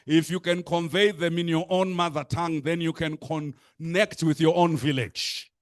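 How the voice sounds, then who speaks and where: A man's voice: a little high, fairly even intonation, no room sound, clean studio sound. A man giving an impassioned speech to a youth assembly, rhetorical and emphatic, repeating phrases and listing points for effect. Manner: deliberate, emphatic pacing with lists. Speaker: speaker addressing a youth assembly.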